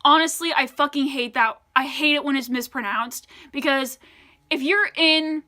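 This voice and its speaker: A young woman from the United States rants to camera in an unedited vlog. Her voice sits high and sounds bright and sharp. She talks in an exasperated, profane way, full of "like"s. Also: moderate pace. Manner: profane, exasperated ranting with frequent "like". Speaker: vlogger.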